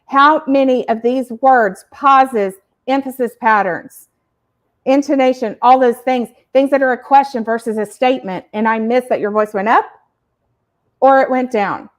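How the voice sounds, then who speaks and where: A woman podcast host explaining ideas to parents in an animated, emphatic teaching style. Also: high voice, normal speed. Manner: animated, emphatic, uses acted examples. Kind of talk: educational explaining.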